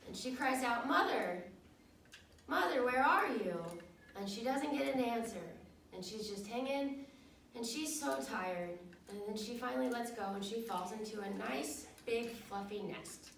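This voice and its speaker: Woman retelling a children's story, chatty and loose, fairly high voice, echoey room, off-mic. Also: moderate pace, creaky, far from the mic, a little hiss or hum. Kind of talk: casual retelling of a picture book.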